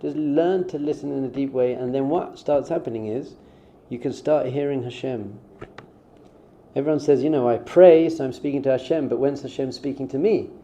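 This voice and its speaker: A man's voice: medium pitch, normal speed, dark tone. A man who is a rabbi, giving a conversational spiritual talk in an informal way and acting out short quoted exchanges. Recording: dull, muffled sound.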